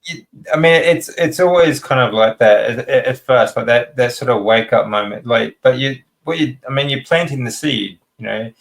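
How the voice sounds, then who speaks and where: A man hosting a casual interview, chatting in a relaxed, agreeable way with a gravelly voice. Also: mid-range voice, normal speed, rough recording. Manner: relaxed and agreeable, many small affirmations.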